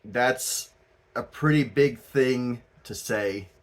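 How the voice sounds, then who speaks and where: A man hosting his own tarot reading, talking at an unhurried, drawn-out pace with a mid-range voice. He rambles, laughs and swears as he explains, in a loose and animated way. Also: mid-range voice. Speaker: tarot reader. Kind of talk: casual tarot reading monologue.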